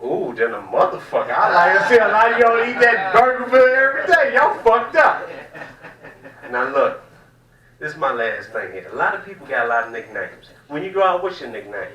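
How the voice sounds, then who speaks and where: A man from the South works a small comedy room with a loud, profane, rambling set. His voice sits high and leaps wildly up and down, with a bright, sharp edge. The sound is roomy and echoey, and he comes across at a slight distance from the microphone. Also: sing-song, a little fast. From American South. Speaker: stand-up comedian.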